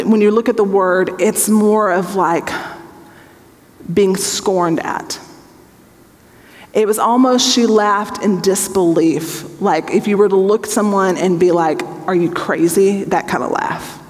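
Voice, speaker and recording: A woman's voice: mid-range voice, takes it slowly, pauses often, big-room sound. A woman Bible teacher leading an evening study, who reads scripture aloud and then explains it in a chatty, joking way.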